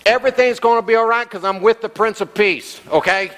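Male pastor, animated sermon delivery, slightly high voice, big hall echo. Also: fairly quick. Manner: animated preaching, acts out quoted voices. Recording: long hall reverb.

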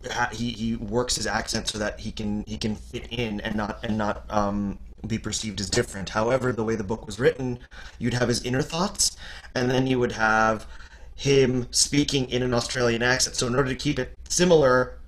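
Animated male narrator guest. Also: mid-range voice. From Canada. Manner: animated, restarts often when retelling. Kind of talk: casual interview chat.

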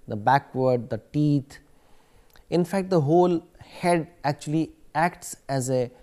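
Mellow-voiced male lecturer. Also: medium pitch, clean tone. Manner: explanatory, steady lecturing with occasional fillers. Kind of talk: recorded academic lecture.

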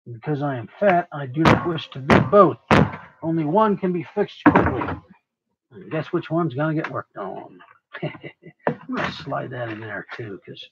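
A man's voice: mid-range voice, lo-fi sound, heavy background noise. A man livestreaming while he works on a craft project, tired, rambling and profane, mocking himself as he goes.

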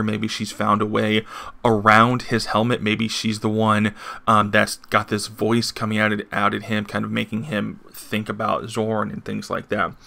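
A man with a low, gravelly voice and a bright, forceful edge hosts a casual comic review. He talks in a chatty way and reads panel dialogue aloud between his own remarks. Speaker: comic book reviewer and host.

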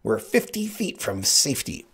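A man voicing the Sicilian, a shrill, bossy schemer who shrieks commands and scorn. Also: big pitch swings, moderate pace, fairly bright tone, husky, exaggerated voice.

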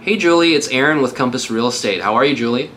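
A man's voice: mid-range voice, fast, bright, forceful tone, a little hiss or hum. A man working as a real estate agent, giving a casual, upbeat tutorial on cold calling between live calls.

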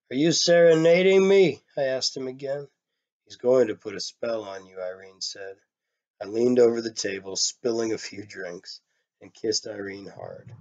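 A man reading a short story aloud, in a plain, low-key way, giving the characters' lines some life. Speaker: reader.

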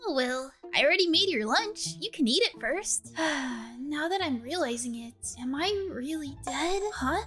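A woman voicing the soul of a young nurse, chatty, clingy and easily startled, in an amateur animated-story dub. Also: high voice, measured pace, few pauses, faint music behind. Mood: pestering. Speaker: fan dub voice actor.

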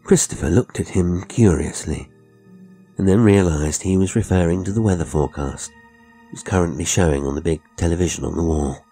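Deep, gravelly horror narrator man. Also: mellow, faint music behind. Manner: measured, atmospheric. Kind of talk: scripted horror audiobook narration.

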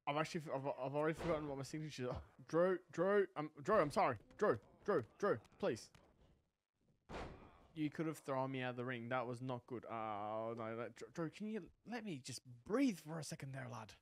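A man commentating his own wrestling video game match. He is excitable, swears, and shouts at the game. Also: fairly high pitch, a little fast. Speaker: gaming channel host. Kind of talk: live gameplay commentary.

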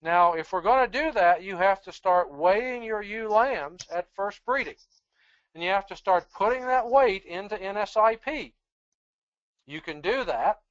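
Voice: mid-range voice, expressive, no room sound, lo-fi sound. Plain-spoken speaker giving a dry-sounding lecture. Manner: measured, explanatory, plain-spoken. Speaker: presenter on sheep breeding genetics. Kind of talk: webinar lecture with slides.

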